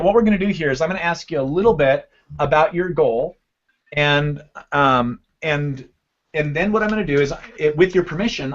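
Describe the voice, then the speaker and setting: A man's voice: a little high, lo-fi sound. Man teaching on a video call. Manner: conversational teaching, frequent "right?" and "okay". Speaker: life coach teaching a coaching technique. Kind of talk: live online coaching class. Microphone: computer mic on a video call.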